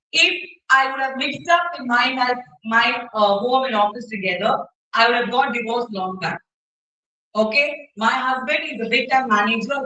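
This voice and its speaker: Bright high-voiced Indian woman trainer. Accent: Indian English. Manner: checks in with the audience often, demonstrates gestures. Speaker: soft skills trainer. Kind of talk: interactive workshop talk. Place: university hall. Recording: roomy hall, mic far off.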